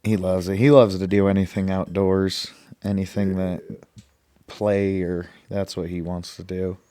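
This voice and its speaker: Man, podcast co-host, laid-back and self-deprecating, lowish voice, smooth and clear. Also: level tone, measured pace, warm tone, no room sound. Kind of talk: casual chat.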